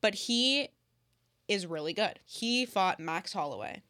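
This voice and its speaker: A young woman talking about sports with a friend in casual chat. Her voice sits at an ordinary middle pitch. She rambles quickly and leans heavily on filler words. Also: expressive, bright, forceful tone. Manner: rambling, fast, heavy "like" filler.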